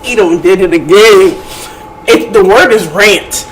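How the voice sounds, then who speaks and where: A man's voice: sits high, a little slow, fairly bright tone, a little hiss or hum, low-quality recording. A man hosting a reaction channel, talking in a casual, incredulous and mocking way, full of slang.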